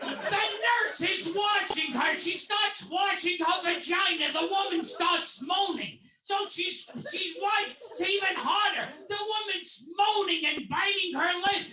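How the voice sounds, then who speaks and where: A shrill, ranting old insult comic. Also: male voice, slow pace, exaggerated voice. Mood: shouting raunchy. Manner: shouting raunchy jokes, cackling. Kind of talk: comedic impression for a tribute. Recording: roomy, distant mic with loud crowd and noise.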